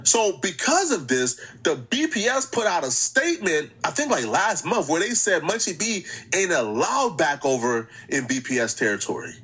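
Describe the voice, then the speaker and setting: A young male host talks through clips in a mocking, storytelling way. His voice sits high and jumps up and down a lot. He is plainly enjoying poking fun. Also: big pitch swings, normal speed, hardly any pauses, fairly bright tone, breathy edge. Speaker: reaction channel host. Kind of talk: commentary on clips.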